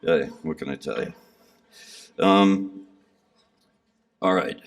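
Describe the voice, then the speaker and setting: A man's voice: a bass voice, takes it slowly. A man casually recounting a pilgrimage to a gathering, rambling and self-deprecating with many fillers. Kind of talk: casual storytelling talk. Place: gathering hall. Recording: speaker somewhat far from the mic.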